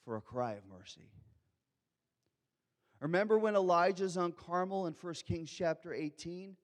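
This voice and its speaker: A man in the pulpit delivering a sermon in a notably high voice. He acts out the scripture quotes and moves between loud, urgent lines and near-whispers. A long reverb trails his words through the sanctuary. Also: lively intonation, normal speed, long pauses. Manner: dynamic preaching, acting out quotes, swinging from loud to hushed. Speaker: pastor.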